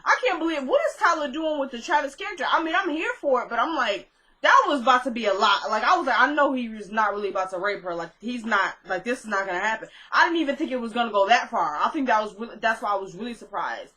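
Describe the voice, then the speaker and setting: A woman's voice: a little high, animated, fast, bright, forceful tone, low-quality recording. A woman casually recapping a TV drama episode, retelling scenes with quoted lines and her own chatty asides. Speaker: recap vlogger.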